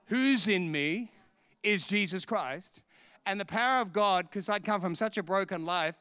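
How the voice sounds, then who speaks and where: High-pitched, animated male preacher. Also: clean tone, dry recording, clean studio sound. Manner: animated storytelling, laughing at himself. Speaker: pastor. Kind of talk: sermon with personal story.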